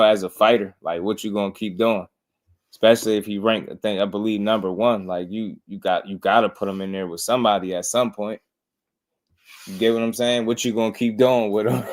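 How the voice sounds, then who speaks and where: A man hosting a boxing talk show, chatting in a casual, slangy way and often laughing. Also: lowish voice. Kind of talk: casual commentary.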